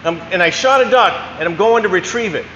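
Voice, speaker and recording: A preacher doing a whiny meek hunter. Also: male voice, sits high, animated, fast talker, fairly bright tone, roomy sound, in a large hall, dull audio, a little hiss or hum. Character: whiny out-of-state male duck hunter, meek.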